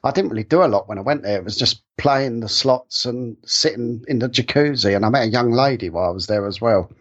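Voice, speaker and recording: A man's voice: medium pitch, a little fast, highs cut off. A man with a London accent, chatting as a podcast guest and often stammering and restarting. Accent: London English. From England. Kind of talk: casual podcast chat.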